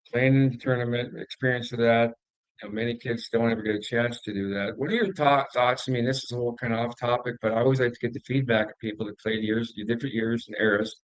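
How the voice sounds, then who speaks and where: A man's voice: medium pitch, no echo, poor audio. A middle-aged man hosting a casual interview, talking in a meandering, conversational way. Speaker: interview host.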